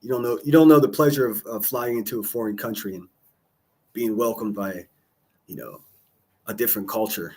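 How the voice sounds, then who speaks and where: A man's voice: fairly low pitch, brisk, pauses often, a little mellow. A man hosting a call-in livestream, ranting in a profane, combative and mocking way while greeting viewers.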